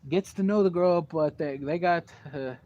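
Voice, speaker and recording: A teenage boy telling a long, animated story to the camera at home, full of fillers and cursing. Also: fairly high pitch, moderate pace. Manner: animated, profane, rambling with fillers. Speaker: vlogger. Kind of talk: casual storytelling. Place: at home, indoors. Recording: dull lo-fi home recording, faint background noise.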